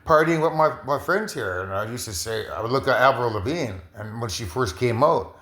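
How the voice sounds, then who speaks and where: A man's voice: mid-range voice, lively intonation, moderate pace, a bit bright. Rambling man in an echoey room. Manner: repetitive, full of restarts and fillers. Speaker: vlogger interpreting a viewer's video. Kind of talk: casual rambling monologue. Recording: roomy echo.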